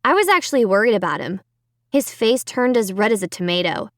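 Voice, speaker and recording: A woman's voice: medium pitch, very animated, brisk, fairly bright tone, no echo, clean studio sound. A woman narrating a children's horror audiobook in the first person, telling it dramatically and expressively.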